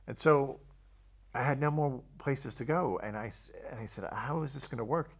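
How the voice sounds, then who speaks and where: A man's voice: medium pitch, normal speed, husky. An older man, a Catholic priest, telling his personal testimony and acting out the dialogue he quotes. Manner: storytelling, acts out quoted dialogue.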